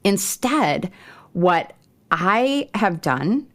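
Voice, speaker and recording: A woman's voice: mid-range voice, big pitch swings, very slow. A middle-aged woman hosting a homeschool parenting podcast, talking conversationally with fillers and restarts. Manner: warm, conversational, with occasional laughs and fillers. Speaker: podcast host.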